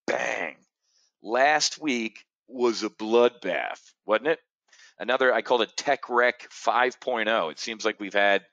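Seated facing the camera in an indoor studio, an American man runs a live options-trading brief full of brash, boastful sales talk. His mid-range voice comes across a bit bright, the recording has no echo, and the high frequencies are cut off.

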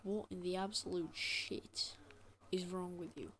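A man's voice: sits high, steady tone, measured pace, bright, forceful tone, slight background noise. A man giving an angry, profanity-heavy rant as gameplay commentary, sounding exasperated throughout. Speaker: gaming channel host.

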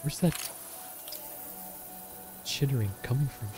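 A man's voice: mid-range voice, takes it slowly, noisy background. A man giving casual commentary over a survival game, chatting and musing aloud as he plays. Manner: chatty, muses aloud, reads in-game text. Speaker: gameplay commentator.

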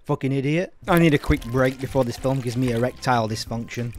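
A man's voice: medium pitch, brisk, darkish tone, faint music behind. A man hosting a comedic film review, sardonic, mocking and sweary.

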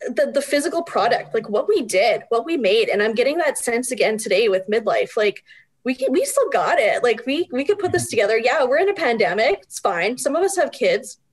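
A middle-aged woman, a guest, telling stories in an animated way and often laughing. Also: fairly high pitch, brisk, husky. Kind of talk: casual interview chat.

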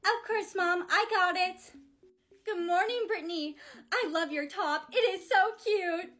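A woman's voice: extremely high pitch, unhurried, a bit bright. A woman playing an image-obsessed teenage girl who talks in a chirpy, fake-polite way in a comedy sketch. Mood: fake-sweet.

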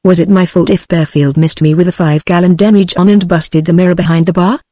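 A synthetic woman's voice with a British English accent reads a story aloud in a steady, even way. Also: fairly low pitch, fast, no room sound. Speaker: narrator. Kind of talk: text-to-speech audiobook reading.

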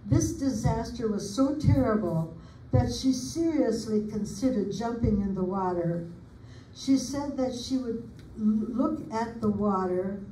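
An older woman from the United States reading family recollections aloud in an unhurried, homely way, adding small asides as she goes. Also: medium pitch, dark tone, slight background noise. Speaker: family historian presenter. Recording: roomy sound from a distant mic.

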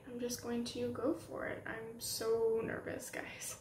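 A young woman doing a casual makeup tutorial at home, gushing and excitable as she talks while applying makeup. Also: on the high side, a little slow, a little hiss or hum. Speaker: beauty vlogger. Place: home room with setting sunlight. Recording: roomy home recording with faint ambience.

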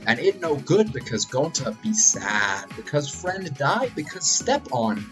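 A man voicing a big simple-minded man who speaks in halting, broken English, over game music. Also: fairly high pitch, big pitch swings. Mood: mocking.

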